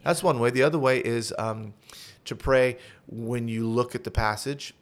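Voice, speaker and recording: A man's voice: medium pitch, moderate pace. A man, a pastor, talking earnestly on a podcast and walking through example prayers as he teaches. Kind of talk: podcast conversation.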